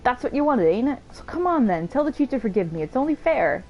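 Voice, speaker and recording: A woman's voice: fairly high pitch, very animated, fast talker, lo-fi sound, soft background music, pitched above the performer's own voice. A woman voicing a desperate young male liar who rambles pleading excuses, reading game dialogue in her own voice.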